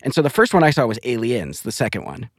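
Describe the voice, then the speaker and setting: A man's voice: medium pitch, very animated, fast, breathy edge, no echo, clean studio sound. A man co-hosting a podcast in casual chat, teasing his co-host in a playful way.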